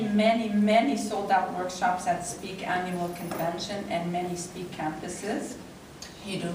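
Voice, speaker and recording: A woman reading an award tribute, laughing and fighting back tears. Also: mid-range voice. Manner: emotional, laughing, near tears. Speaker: award presenter. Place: large convention hall. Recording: echoey hall, distant mic, noisy.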